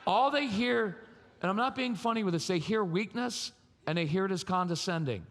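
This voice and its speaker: A man giving a live parenting talk at a conference, animated, acting out parents' voices. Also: sits high, normal speed. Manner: animated, acts out yelling and sweet parent voices. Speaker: parenting speaker. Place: large church hall. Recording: reverberant hall.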